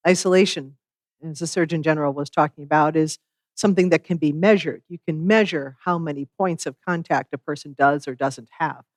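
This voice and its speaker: A minister giving a sermon in a measured, reflective way, with wry asides. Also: medium pitch, no echo, studio quality.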